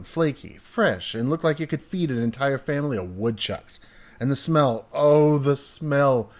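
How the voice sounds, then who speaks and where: Animated man reading a comic story. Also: medium pitch. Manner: animated, hyperbolic delivery that swings from hushed to loud.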